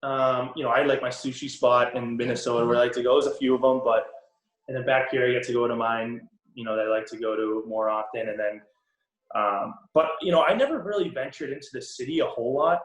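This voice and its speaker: A young man with a Boston accent, a guest in a casual interview, relaxed and rambling with many ums and restarts. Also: mid-range voice, fast talker. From Boston area. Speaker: podcast guest, pro hockey player. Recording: roomy echo.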